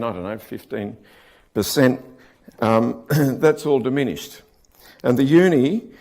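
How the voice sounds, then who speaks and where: A man with an Australian accent giving a joking, anecdotal conference talk as a building contractor, clearing his throat often and restarting his sentences. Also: mid-range voice. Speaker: conference speaker, rammed earth contractor.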